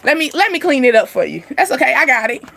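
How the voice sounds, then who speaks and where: A woman giving a casual, animated tarot reading, laughing often and speaking straight to her viewers. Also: sits high, quick pace, gravelly. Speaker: tarot reader. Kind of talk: livestream card reading.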